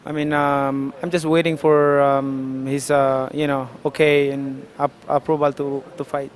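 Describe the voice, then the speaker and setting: Halting male boxer with a flat voice. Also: mid-range voice, a little hiss or hum. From Philippines. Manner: halting, with many fillers. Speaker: boxer, interview guest. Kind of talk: interview answers.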